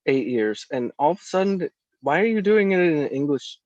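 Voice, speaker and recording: A man's voice: fairly high pitch, lively intonation, moderate pace, a little mellow, no room sound, lo-fi sound. A man co-hosting a casual podcast, teasing his partner, laughing often and repeating himself. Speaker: podcast co-host. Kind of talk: casual chat.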